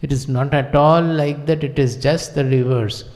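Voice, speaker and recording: A man with an Indian accent, a spiritual teacher giving a discourse in measured, deliberate short phrases. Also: fairly high pitch, steady tone, darkish tone. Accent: Indian English. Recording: long hall reverb.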